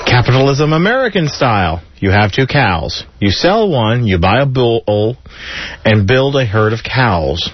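A man's voice: mid-range voice, slow, pauses often, slight background noise. A man hosting a community radio show, reading a list of jokes aloud and chuckling between them. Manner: chuckling, animated joke delivery. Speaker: radio host. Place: radio studio. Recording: dull lo-fi radio broadcast.

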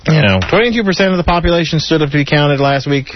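On a community radio show, a male host works through a string of jokes, laughing between each one with lively energy. He speaks fast in a slightly high voice, over a dull lo-fi broadcast sound with a little background noise.

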